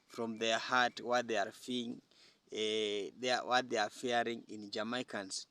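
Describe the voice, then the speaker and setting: A man hosting a reaction video, commenting in a measured, deliberate way. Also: medium pitch, steady tone, fairly bright tone, clean tone, no room sound.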